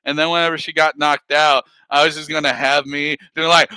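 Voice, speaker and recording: High-pitched guy rambling on a stream, cussing and laughing a lot, super bright voice. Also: fairly quick, hardly any pauses, dry recording, rough recording. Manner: profane, laughs often, rambling. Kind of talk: casual live-stream commentary.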